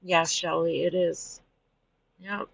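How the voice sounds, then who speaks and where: A woman chatting casually with viewers on a livestream, animated and indignant as she retells events. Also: fairly low pitch, slow, creaky, no echo. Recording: dull lo-fi livestream audio.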